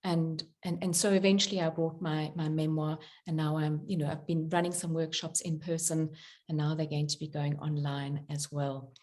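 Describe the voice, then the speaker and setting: A middle-aged woman, a spiritual author and workshop leader, talking about belief and telling a personal story in an animated way, acting out quotes with many fillers. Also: low voice, moderate pace. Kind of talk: conversational talk with personal story.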